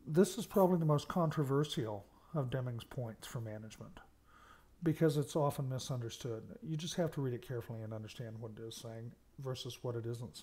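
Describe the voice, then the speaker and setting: A university lecturer from the United States delivers a recorded lecture on management in a mid-range, slightly bright voice. He explains his points, stresses key words, and keeps checking in with "okay."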